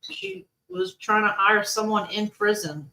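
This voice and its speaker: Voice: mid-range voice, very animated, a little slow, bright, forceful tone, a little hiss or hum, low-quality recording. A chatty co-host of a paranormal talk show who tells stories in loose bursts. The voice sits in the middle range and often breaks off and restarts. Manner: chatty, gossipy, breaks off mid-thought. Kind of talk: casual chat.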